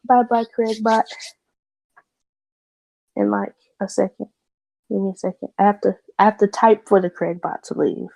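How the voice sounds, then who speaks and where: A woman's voice: medium pitch, fairly even intonation, normal speed, vocal fry, pauses often, warm tone, low-quality recording. A woman hosting a solo rant podcast, blunt and opinionated, rambling with restarts and cursing freely, talking into a computer mic. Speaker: podcast host. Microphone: computer mic via voice chat recording bot.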